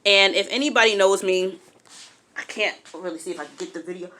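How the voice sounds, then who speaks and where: Bright-voiced woman telling a story. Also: medium pitch, fairly quick. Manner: animated, candid, acts out quotes. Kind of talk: casual storytime chat.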